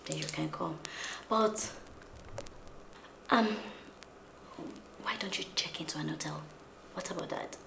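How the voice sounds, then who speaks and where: Gravelly Nigerian schemer. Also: female voice, sits low, unhurried, long pauses, background noise, heavily acted. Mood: evasive. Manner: hesitant, evasive, stalling with fillers. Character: scheming woman friend, feigning sympathy, evasive. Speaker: actress in a film. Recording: roomy room with film score.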